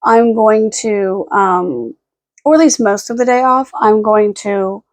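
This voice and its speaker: A young woman vlogging at home in a rambling casual chat, close to the camera mic, now and then slipping into high baby talk for her dog. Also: slow, no echo.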